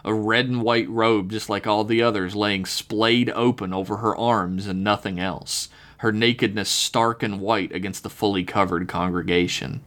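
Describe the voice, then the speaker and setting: A man reading his own written story aloud on a podcast, relaxed, slowing down on the eerie details. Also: on the low side.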